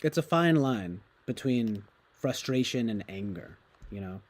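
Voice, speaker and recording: A young man talks loosely on his stream, wandering from thought to thought and swearing freely. He laughs often. His voice sits at a middling pitch. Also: animated, measured pace. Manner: profane, rambling, laughs often, mimics others. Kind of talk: casual rambling chat.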